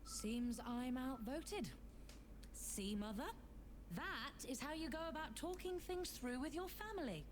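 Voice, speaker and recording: An actress playing a sharp-tongued, bossy young woman who scolds in a dry, emphatic way. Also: high-pitched, expressive, a little slow, noisy background. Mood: scolding.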